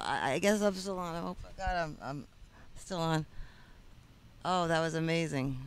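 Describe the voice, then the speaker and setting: A man hosting a casual live podcast outdoors, cheering and swearing excitedly. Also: fairly high pitch, normal speed. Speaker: podcast host. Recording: loud street noise behind the voice.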